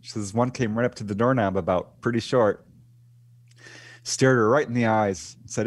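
A man's voice: on the low side, moderate pace, no room sound. A man being interviewed as a guest, telling a case story casually and acting out the voices of the people in it. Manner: animated retelling, acts out quoted voices. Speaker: guest author and UFO researcher.

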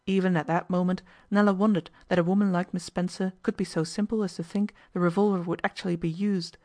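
A woman's voice: on the low side, fairly even intonation, fast, darkish tone. Woman narrating a classic audiobook. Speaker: audiobook reader.

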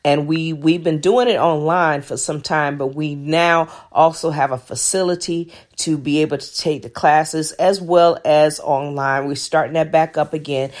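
A woman's voice: low voice, steady tone, unhurried, hardly any pauses. A middle-aged woman pastor giving an emphatic devotional message and church announcements, with fillers and repeated phrases.

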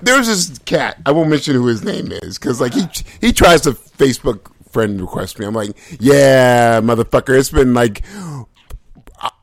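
A man's voice: mid-range voice, very animated, normal speed. A man in his forties, co-hosting a podcast in casual chat, telling stories animatedly, acting out voices and swearing freely. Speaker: podcast co-host.

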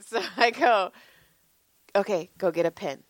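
A woman's voice: medium pitch, a little slow, dry recording. Woman in her forties, casual storyteller, swears freely, laughs a lot, dry close sound. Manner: animated, profane, laughs often, acts out quotes. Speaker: podcast co-host, massage therapist.

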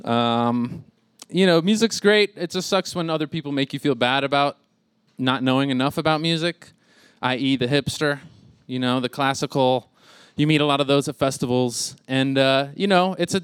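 A man's voice: on the high side, clear, resonant tone, no room sound. A man in his thirties doing a rambling stand-up set, laughing at his own jokes. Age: 30s. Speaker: stand-up comic.

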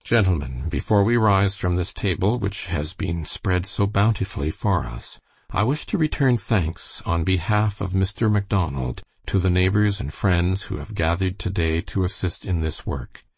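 A man's voice: sits low, lively intonation, moderate pace, creaky, breathy edge, dry recording, exaggerated voice. A man voicing a minister giving formal, solemn thanks in a storybook reading.

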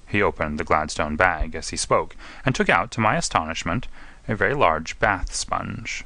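A man narrating a classic detective story in a measured, distinct reading. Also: deep voice, lively intonation, vocal fry, sharp tone, dry recording. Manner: measured, distinct reading with voices for each character. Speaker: audiobook narrator.

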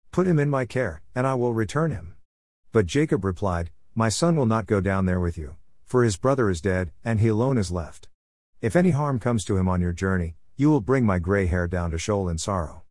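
A man reading scripture aloud in a steady, measured way, lifting his voice a little for quoted speech. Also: on the low side, dry recording, clean studio sound. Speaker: Bible reader.

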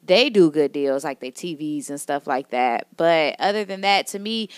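A woman's voice: low voice, expressive, moderate pace, smooth, dry recording. A woman co-hosting a podcast in a studio, chatting casually and giving blunt opinions with lots of filler words. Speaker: podcast co-host. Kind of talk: casual chat.

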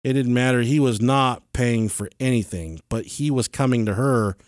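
A man hosting a podcast, telling a true-crime story in casual chat, animated and swearing freely. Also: medium pitch, normal speed, dry recording, studio quality. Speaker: podcast host.

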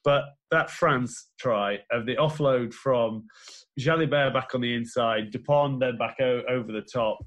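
A man's voice: mid-range voice, unhurried, fairly bright tone. Man breaking down rugby plays. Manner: detailed play-by-play analysis. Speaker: podcast co-host. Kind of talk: casual sports chat.

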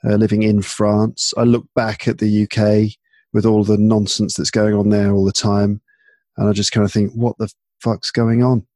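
This podcast host from England, also an English teacher, speaks casually and chattily, often restarting and using fillers. He has a lowish voice at a normal speed, recorded with no echo.

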